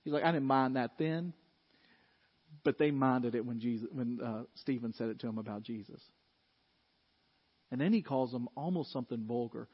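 A male pastor giving a sermon, swinging from loud, emphatic peaks to quiet, low asides. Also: moderate pace, long pauses, breathy edge. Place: church sanctuary. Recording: dull sound in a large reverberant hall.

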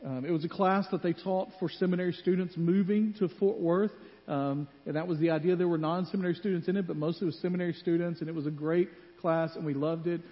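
With a high-pitched voice and quick pace, a man preaches a sermon in a church sanctuary, telling animated stories and performing the quoted voices himself. It's recorded in a muffled hall with long reverb.

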